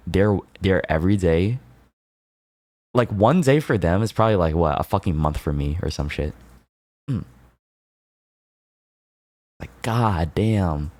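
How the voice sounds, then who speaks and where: A man streaming, chatting casually and playfully with his chat, laughing often and rambling in quick asides. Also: very deep voice, a little mellow, dry recording.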